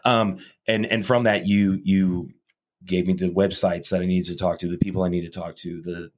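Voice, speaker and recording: Very deep-voiced man, rambling and earnest. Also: flat delivery, normal speed. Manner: rambling and earnest, repeats words, acts out quoted talk. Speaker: podcast guest, gym owner. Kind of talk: casual interview chat.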